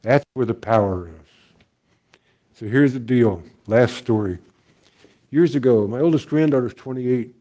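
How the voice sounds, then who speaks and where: An older man giving a sermon as a story, folksy and gentle, repeating his key lines. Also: medium pitch, measured pace, pauses often. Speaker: guest speaker and minister.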